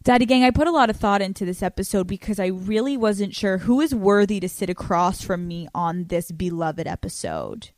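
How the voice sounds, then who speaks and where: A woman hosting her podcast in casual chat, brash and profane, quick and often laughing. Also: mid-range voice, dry recording. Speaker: podcast host.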